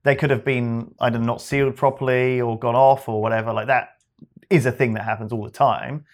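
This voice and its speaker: A man's voice: medium pitch, level tone, a little fast. Podcast guy rambling along, hesitant, laid back casual chat. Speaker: podcast co-host.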